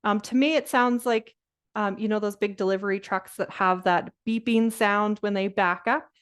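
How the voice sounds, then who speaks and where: A woman's voice: mid-range voice, fairly even intonation, moderate pace, clear, resonant tone. A woman presenting a nature lesson to children over a video call, upbeat and encouraging, with laughs and fillers.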